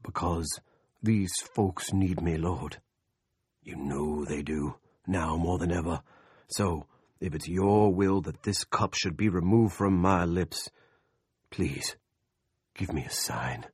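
A man voicing a desperate preacher in an audiobook, growly, hushed and slow as he pleads in prayer. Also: deep voice, husky, no echo, clean studio sound, full character voice. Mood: pleading. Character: desperate pleading middle-aged male preacher. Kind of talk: audiobook character voice.

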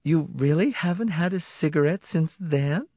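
A man voicing a wife in a high, surprised voice. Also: lively intonation, normal speed, mellow, dry recording, studio quality. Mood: hopeful surprise. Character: wife, woman, cheerful then hopeful.

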